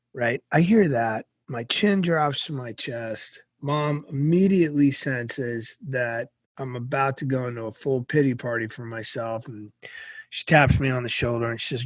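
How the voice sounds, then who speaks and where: As an interview guest, a middle-aged man from Massachusetts tells a vivid personal story, anecdotal and expressive. His mid-range voice keeps a measured pace, recorded with clean studio sound and no echo.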